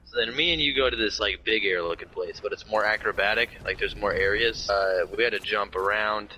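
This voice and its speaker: A man casually telling the story of a dream to friends, rambling and excited, laughing often and acting out the quoted voices. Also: lowish voice, a little fast, slight background noise.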